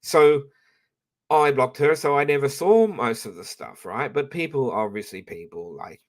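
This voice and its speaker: An Australian man airs his grievances to his stream viewers in a loose, rambling way. He swears freely, restarts his sentences and speaks at an ordinary, mid-range pitch. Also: animated, moderate pace. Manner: blunt and profane, rambling with restarts. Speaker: streamer talking to his audience. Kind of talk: casual live-stream rant.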